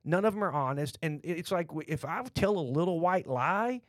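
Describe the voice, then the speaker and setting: A man's voice: fairly high pitch, lively intonation, brisk, no echo. A middle-aged man with a Texan accent, talking bluntly in a rambling, opinionated podcast chat full of restarts.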